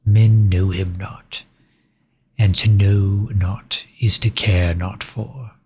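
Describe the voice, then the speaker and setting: A man voicing a courteous old aristocratic male vampire count, in whispered role-play with soft, measured, formal speech. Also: lowish voice, level tone, slightly rough, exaggerated voice. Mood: courtly, ominous.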